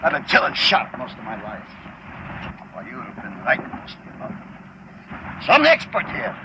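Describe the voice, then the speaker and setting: An actor playing a grizzled old fisherman who hunts sharks, with an odd accent, switching between yelling and whispering, in film dialogue. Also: medium pitch, huge pitch swings, normal speed. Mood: urgent. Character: grizzled old male shark-hunting fisherman, gruff and intense. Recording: dull lo-fi film audio with background noise.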